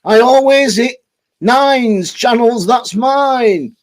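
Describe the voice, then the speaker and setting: A man's voice: extremely high pitch, slow. A middle-aged man, rambling and swearing as he chats with his live stream viewers. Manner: sweary, laughs often, talks to chat by name.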